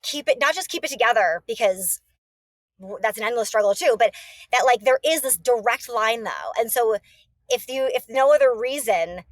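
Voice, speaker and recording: A woman's voice: a little high, expressive, moderate pace, no echo. A woman in her thirties, a mother and podcast guest, talking in a reflective, casual way with many fillers and restarts. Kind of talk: casual chat.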